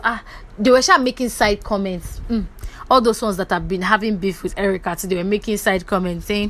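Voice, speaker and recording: A young Nigerian woman with a Nigerian English accent, recapping reality-show gossip for her vlog in a lively, chatty way. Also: mid-range voice, moderate pace. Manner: lively, acts out the quotes, chatty asides. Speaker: gossip vlogger.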